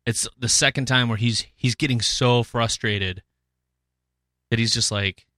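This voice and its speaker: Bright-voiced joking man. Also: medium pitch, unhurried, no echo, studio quality. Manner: joking, animated retelling. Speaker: podcast host. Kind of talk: casual chat.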